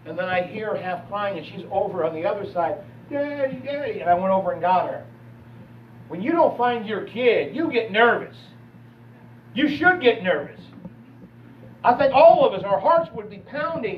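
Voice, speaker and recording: A man's voice: high-pitched, a little hiss or hum. A man pastor preaching a sermon, telling personal stories in a conversational way. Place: church sanctuary. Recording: echoey church hall from a distance, dull.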